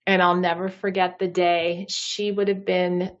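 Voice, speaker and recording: A woman's voice: lowish voice, little pitch movement, unhurried, dull audio. A woman in her forties, a marriage coach and podcast guest, telling personal stories candidly with many fillers. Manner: candid, uses many fillers like "you know". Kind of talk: podcast interview storytelling.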